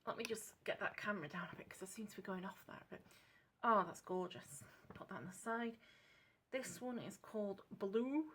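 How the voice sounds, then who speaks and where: A woman's voice: fairly high pitch, fairly bright tone. Chatty English woman rambling over crafts. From England. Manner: chatty and rambling, corrects herself often, apologetic asides. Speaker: craft vlogger. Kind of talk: casual unscripted craft vlog chat.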